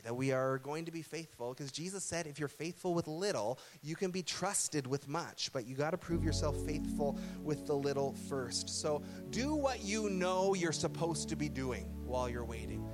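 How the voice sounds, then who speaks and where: A man preaching a sermon as pastor, with an impassioned, repetitive cadence, recorded in a church. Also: on the high side. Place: church sanctuary. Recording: loud music under the voice.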